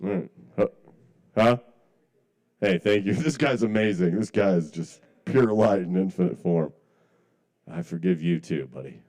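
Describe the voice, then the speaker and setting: A man's voice: deep voice, lively intonation, a little slow, long pauses, a little mellow. A man doing a stand-up set at a small cafe open mic. He rambles through his jokes with self-deprecating, apologetic asides, heard through a stage mic.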